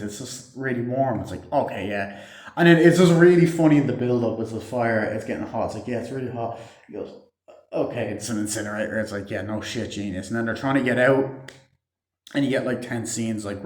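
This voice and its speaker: A man casually recapping a movie scene by scene, rambling and swearing, with a lot of "like" fillers. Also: fairly low pitch. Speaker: movie reviewer. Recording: echoey room.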